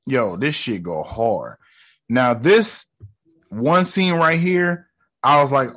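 A man giving casual reaction commentary on a show, excitable and profane, full of slang, sometimes acting out lines. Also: mid-range voice, slow pace. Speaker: reaction video host.

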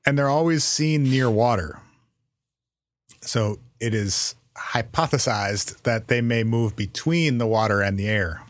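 Male co-host, mid-pitched, casual reading of facts, dry close mic. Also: unhurried, no room sound. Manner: reads out facts, laughs often. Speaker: podcast co-host. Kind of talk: casual chat.

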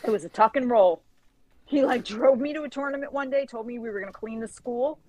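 A woman telling a casual story as a guest, lively and acting out the dialogue, leaning on "like" as a filler. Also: fairly high pitch, brisk, no echo, low-quality recording. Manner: lively storyteller who acts out quoted dialogue; frequent filler "like". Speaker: guest author.

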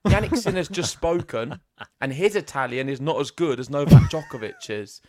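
Emphatic podcast co-host. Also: male voice, fairly high pitch, huge pitch swings, moderate pace, mellow, faint music behind. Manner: emphatic, builds up enthusiastically. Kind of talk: casual tennis chat.

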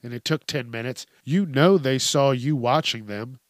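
A man's voice: medium pitch, moderate pace, no room sound, studio quality. A man hosting a podcast, telling a profane, exasperated comedic rant in casual talk. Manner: profane, ranting, exasperated storytelling. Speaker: podcast host.

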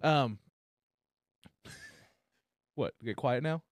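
A man's voice: medium pitch, extremely slow, no echo, studio quality. An American man hosting a podcast, joking crudely and animatedly with his co-host. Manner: profane, animated, jokey. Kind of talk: crude casual podcast banter.

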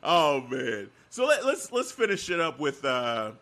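A man's voice: fairly high pitch, unhurried. A man in casual chat, laughing often and acting out quoted lines. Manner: animated, laughing, acts out quotes.

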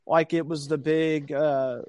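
A man, casually telling a long story on a podcast, animated and profane, acting out the people he quotes. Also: a little high, slow, no echo.

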